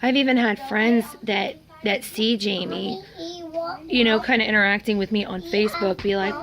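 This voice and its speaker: A woman's voice: mid-range voice, fairly even intonation, moderate pace, a bit bright. A woman in her forties telling a personal story in a vlog. She vents with strong emotion, often quotes others in dialogue, and is close to tears. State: tearful. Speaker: vlogger.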